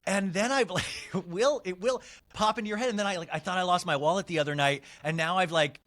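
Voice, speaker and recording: A man with a notably high voice hosts a podcast. He talks in an excitable, rambling way and jumps between anecdotes. The tone stays loose and conversational throughout. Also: quick pace. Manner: chatty and excitable, jumping between stories. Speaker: podcast host. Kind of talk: casual podcast chat.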